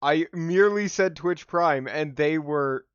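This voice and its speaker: A man's voice: a little high, unhurried, clear, resonant tone, no room sound, dull audio. A man chatting casually with friends on a live stream, often laughing through his sentences. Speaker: tabletop game player streaming live. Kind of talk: casual banter among friends.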